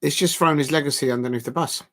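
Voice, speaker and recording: A man hosting a live football watch-along, talking haltingly with fillers and breaking into loud emphatic outbursts at the action. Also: a little high. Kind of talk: live match reaction commentary.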